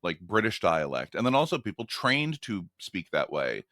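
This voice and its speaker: A man's voice: low voice, very animated, moderate pace, pushed and bright, dry recording, studio quality. A man from New Jersey with a New Jersey accent, a media critic guest explaining film history in casual talk, full of fillers and restarts. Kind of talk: casual conversation.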